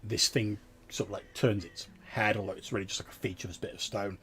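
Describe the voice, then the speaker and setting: A man's voice: fairly low pitch, fairly even intonation, fast, fairly bright tone, slight background noise. A man narrating as game master in a tabletop game, describing scenes loosely with many fillers and restarts.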